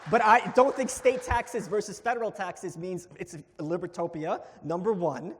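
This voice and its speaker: A man's voice: sits high, moderate pace, some chatter behind, slight background noise. A man debating before a live audience, combative and sardonic. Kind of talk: live debate closing statement. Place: event hall before an audience. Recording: long hall reverb.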